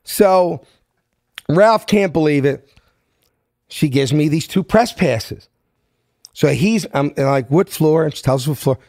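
Brief: Philadelphia-accented man in his fifties, slightly high voice, animated storyteller, dry close sound. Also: unhurried, pauses often, no echo. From South Philadelphia. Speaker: guest. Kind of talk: storytelling in a podcast interview.

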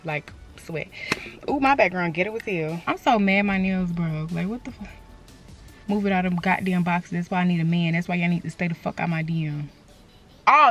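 Young woman, casual vlog, talking to camera, loud, profane, chatty, at home and in a car. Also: mid-range voice, slight background noise. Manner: loud, profane and chatty, calling viewers y'all and girl. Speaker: vlogger. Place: at home, then in a packed car.

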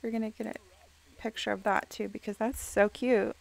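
A woman giving excitable game commentary, reacting with quick exclamations and playfully scolding the characters on screen. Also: mid-range voice, gravelly. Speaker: let's play gamer.

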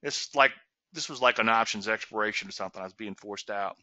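A man's voice: lowish voice, fast, pushed and bright, no room sound, dull audio. A man hosting a trading webinar, teaching in an emphatic, folksy way and often asking "okay?" and "so what?". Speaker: trading show host.

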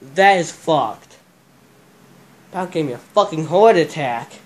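A man's voice: a little high, animated, slow, slight background noise. A young man vlogging, agitated and cursing after a scare, repeating himself a lot. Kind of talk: casual vlog chat.

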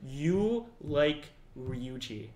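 A man's voice: a little high, very animated, very slow, a little mellow. A man co-hosting a podcast in casual chat, acting out characters' lines as he retells scenes. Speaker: podcast co-host. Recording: roomy echo.

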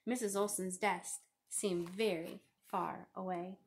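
A woman reading a children's picture book aloud, expressive and lively. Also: mid-range voice, takes it slowly, a little hiss or hum. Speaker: reader.

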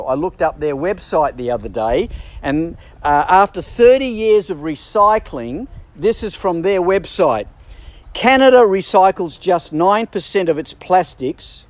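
A man's voice: high-pitched, no echo. A man delivers a sermon from the pulpit. He talks in a chatty way, with self-deprecating humor and asides. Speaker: bishop preaching.

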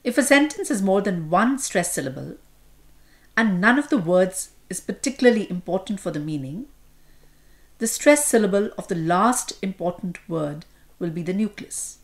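A woman's voice: medium pitch, animated, normal speed. Woman narrating a formal lesson. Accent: Indian English. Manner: formal, explanatory. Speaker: course narrator. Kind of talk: scripted instructional narration.

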